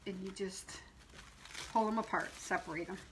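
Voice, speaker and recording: A woman's voice: mid-range voice, moderate pace, background noise. A middle-aged woman and shop owner demonstrating wreath making on a live stream, chatting, laughing and greeting viewers by name as she works.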